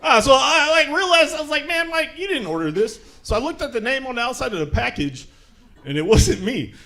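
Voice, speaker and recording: Young male comic from Tacoma, high and animated, self-mocking stand-up delivery with chuckles. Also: a little fast. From Tacoma, Washington. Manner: laid-back, self-mocking, chuckles through punchlines. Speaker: stand-up comedian. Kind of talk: stand-up comedy set. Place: comedy show with live audience.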